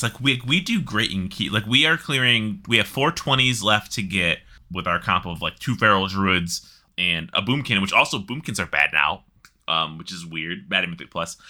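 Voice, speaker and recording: A man in casual gaming chat as a podcast co-host, chatty and animated, swearing casually. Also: on the low side.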